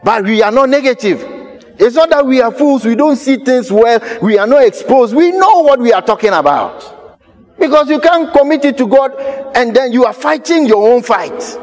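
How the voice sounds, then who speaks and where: A man's voice: extremely high pitch, expressive, normal speed, darkish tone, soft background music. Emphatic preacher man, echoing hall. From Ghana. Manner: emphatic, repeats key phrases. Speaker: pastor. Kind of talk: sermon.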